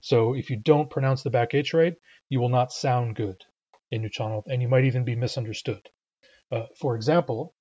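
A language teacher, a native English speaker, gives a patient, methodical pronunciation lesson, explaining carefully and pausing often with "uh." His middling-pitched voice is a bit husky and warm with fairly even intonation, and the recording sounds slightly dull and lo-fi.

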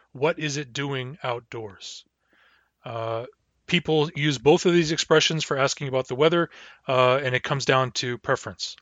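A man teaching a language lesson, saying each word slowly and then repeating it. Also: medium pitch, a bit bright, no echo, dull audio. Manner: slow, deliberate, repeats each word twice.

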